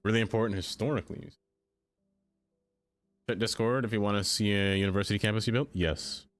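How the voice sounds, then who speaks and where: A man streaming a game and chatting with his viewers in a playful, teasing way, often breaking into high sing-song catchphrases. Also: steady tone, a little fast, soft background music. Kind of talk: casual live-stream chat with viewers.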